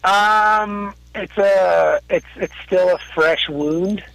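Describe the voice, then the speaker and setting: High, gravelly, profane ranting caller. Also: male voice, extremely slow, fairly bright tone, no echo, poor audio. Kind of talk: casual chat. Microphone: phone call.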